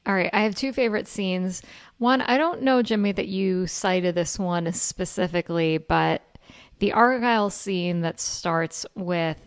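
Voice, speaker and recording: A woman co-hosts a casual movie chat, eager and full of fillers. Her voice sits a bit low with a gravelly fry. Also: measured pace. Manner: enthusiastic, filler-heavy. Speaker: podcast co-host.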